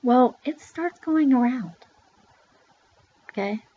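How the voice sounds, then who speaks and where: Her voice sits high, with lively intonation, and she takes her time. This middle-aged vlogger from Pennsylvania wanders chattily through a story from her own life, cursing occasionally and doing voices for the quotes, all on a dull, lo-fi recording.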